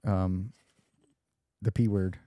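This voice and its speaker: A man co-hosting a casual podcast, teasing the others with jokey, quick comebacks. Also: low-pitched, flat delivery, no room sound, lo-fi sound. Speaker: podcast co-host. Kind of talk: casual chat.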